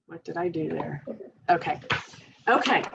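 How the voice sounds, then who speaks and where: A woman's voice: low-pitched, lively intonation, a little slow, creaky, a bit bright, slight background noise. A woman occupational therapist giving a casual training talk to parents, chatty and laughing often. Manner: chatty, laughs often, leads group exercises with chanting. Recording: slightly dull lo-fi sound.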